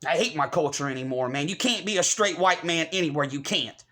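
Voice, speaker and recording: A man's voice: fairly high pitch, expressive, fairly quick, pushed and bright. A man vlogging an angry, heated rant to his viewers, profane and repeating himself.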